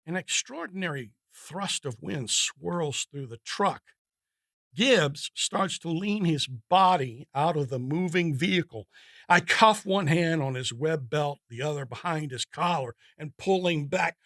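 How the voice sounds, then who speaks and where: A man reading a short story aloud in measured, deliberate scripted narration. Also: on the high side, lively intonation, fairly bright tone, dry recording, clean studio sound. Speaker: story reader.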